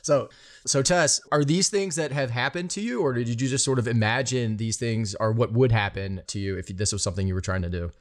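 A man hosting a casual interview, telling a story in a relaxed, conversational way. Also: mid-range voice, fairly quick.

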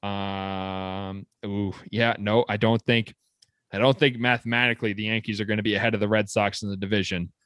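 A man co-hosting a casual sports chat, relaxed and teasing, checking stats as he talks. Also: on the low side, normal speed, no room sound, clean studio sound. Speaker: podcast co-host.

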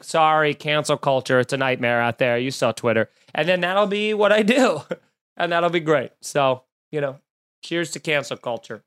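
A man hosting a podcast in casual comedic chat, riffing sarcastically with animated mock quotes. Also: on the high side. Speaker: podcast host.

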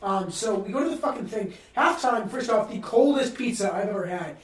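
A man's voice: high voice, animated, a little fast, distant mic. A man from New England hosting a podcast, telling a trip story in casual chat, rambling and swearing freely. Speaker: podcast host. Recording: roomy sound from off-mic.

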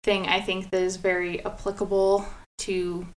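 A woman's voice: mid-range voice, flat delivery, moderate pace, poor audio. A woman co-hosting a podcast, talking things over reflectively in a casual chat, with lots of "like.". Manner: reflective, heavy use of "like". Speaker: podcast co-host.

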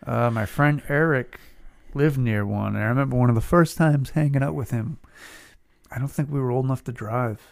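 A man's voice: mid-range voice, normal speed, gravelly, no echo, studio quality. A man, co-hosting a podcast in casual chat, telling stories in a laid-back way and swearing freely. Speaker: podcast co-host.

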